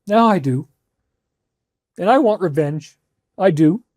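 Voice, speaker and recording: Male lecturer, high pitch, intense and rambling, dry recording. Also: expressive, slow, darkish tone, no echo. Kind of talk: emotional lecture to an audience.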